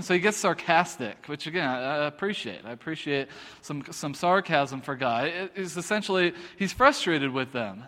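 A man's voice: fairly high pitch, lively intonation, moderate pace, bright, forceful tone. A middle-aged man preaching a sermon as a pastor, talking conversationally and repeating phrases for emphasis. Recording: long hall reverb.

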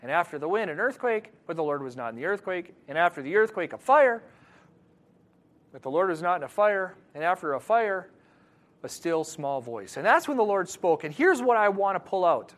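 Male pastor, high voice, animated preaching, hushed then loud, from Wisconsin. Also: normal speed. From Wisconsin, USA. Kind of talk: sermon.

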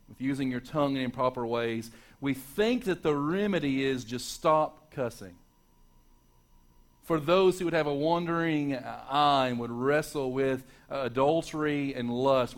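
Male pastor, dynamic sermon delivery, loud peaks and near-whispered lows, mid-pitched voice. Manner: dynamic preaching, swinging from loud to hushed.

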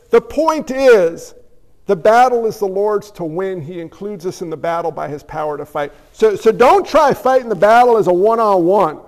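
A man's voice: high-pitched, in a large hall. A man preaching a casual sermon, conversational with jokey asides, acting out bits of dialogue. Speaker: pastor.

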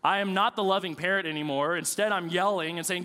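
A man's voice: high-pitched, fast, sharp tone, clear, resonant tone, big-room sound. A man in his thirties, a pastor preaching a sermon with casual, joking stories about family life.

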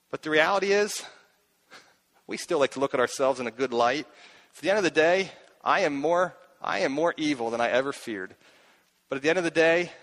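A man's voice: on the high side, fairly bright tone. Earnest middle-aged male pastor preaching. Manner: earnest, asks himself questions aloud, repeats phrases. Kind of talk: sermon.

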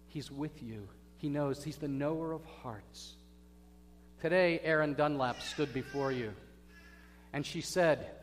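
A man preaching a sermon as pastor, telling stories dramatically and swinging from hushed words to loud bursts. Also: medium pitch, measured pace, soft background music. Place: church sanctuary. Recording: echoey hall with faint hum.

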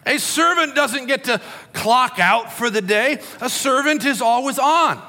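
A man's voice: very high voice, animated, measured pace, few pauses, bright, forceful tone. A middle-aged man preaching a sermon in a conversational, storytelling way, acting out quotes. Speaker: pastor. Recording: long hall reverb.

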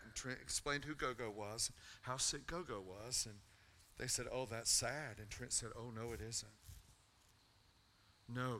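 A man's voice: medium pitch, sharp tone, slight background noise. A middle-aged man, a pastor telling a personal story in his sermon and building to a fervent altar call.

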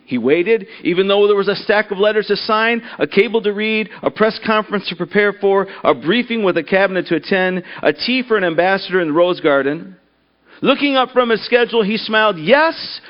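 Earnest high-voiced male preacher. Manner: earnest, repeats himself when starting thoughts. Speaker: pastor. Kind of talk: sermon with storytelling. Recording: dull lo-fi recording.

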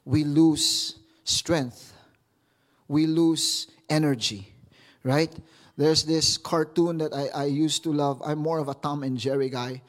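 A man's voice: a little high, a bit bright. A man pastor preaching a sermon, often stopping to repeat words as he searches for the next thought.

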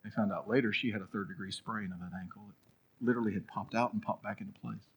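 A man preaching a sermon as pastor, telling a story, then swinging between loud urging and a hushed, prayerful hush. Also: lowish voice, steady tone, fast talker, breathy edge, rough recording.

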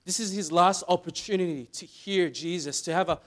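A man preaching a sermon, dropping to quiet asides and then building to loud, dramatic retellings. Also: high-pitched, brisk. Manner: dramatic, swings from soft asides to shouted retellings.

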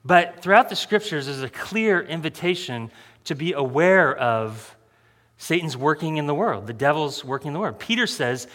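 A male pastor preaches with a bright, forceful voice pitched a little high. He jokes and laughs at his own remarks in a self-deprecating way. His voice rings out with the long reverb of a large hall. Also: animated, normal speed. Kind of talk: sermon.

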